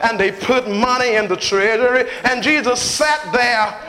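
A man preaching a call-and-response sermon in a church, building into chanted shouting. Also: very high voice, a little slow. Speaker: pastor. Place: church sanctuary. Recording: echoey church hall with long reverb.

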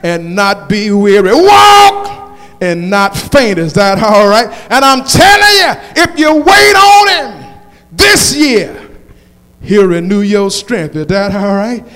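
A male pastor preaching a sermon with call-and-response, building to shouted climaxes. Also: high-pitched, very animated, slow pace, long reverb tail.

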